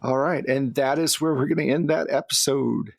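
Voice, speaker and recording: A man's voice: medium pitch, moderate pace, gravelly, dry recording. Man narrating as game master. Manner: relaxed, conversational narration. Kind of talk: narrating a tabletop role-play.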